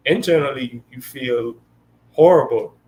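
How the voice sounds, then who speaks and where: A man's voice: mid-range voice, moderate pace. A man co-hosting a casual spiritual discussion, talking loosely with lots of fillers and acted-out quotes. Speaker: co-host.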